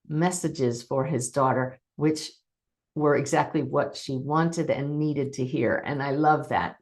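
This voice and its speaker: A woman medium hosting a monthly online session, telling stories from her readings with enthusiasm and acting out the people she quotes. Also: low-pitched. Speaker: medium and host. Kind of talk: teaching talk to an online audience.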